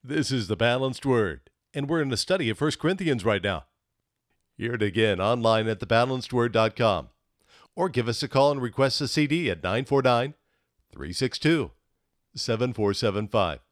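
A man announcing for a radio program, reading a steady scripted promotional segment. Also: mid-range voice, normal speed, no room sound, studio quality. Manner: smooth, steady promotional read.

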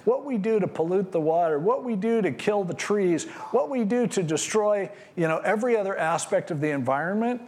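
A man pastor preaching a conversational sermon on scripture, animated and acting out what people might say. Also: high voice, fairly quick, hardly any pauses.

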